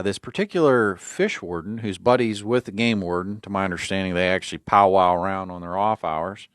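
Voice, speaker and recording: A man's voice: on the low side, dry recording, studio quality. A man hosting an outdoors podcast, telling a long story and acting out the other people's lines with sarcasm. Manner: animated storyteller acting out quoted exchanges, sarcastic. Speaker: podcast host. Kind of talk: storytelling, recounting a dispute.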